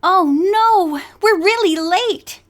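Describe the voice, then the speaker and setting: A woman reading an audiobook, voicing an excitable teenage girl who gushes breathlessly. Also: high-pitched, unhurried, voice pushed up. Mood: excited. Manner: breathless, gushing. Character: excitable teen girl, boy-crazy fashion fan.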